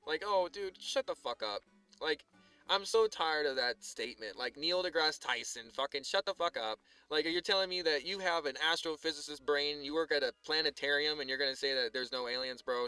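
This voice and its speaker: Male streamer, slightly high, bright voice; rambling, swearing, filler-heavy monologue over faint music. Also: moderate pace, clean tone, no room sound. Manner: swings from subdued to heated ranting. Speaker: live streamer. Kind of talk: casual live-stream monologue.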